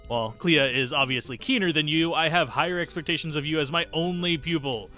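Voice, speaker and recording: A man's voice: a little high, brisk, pushed and bright, soft background music. A man reading the lines of a stern, demanding male village chief and mentor in a video game, in a blunt and impatient manner.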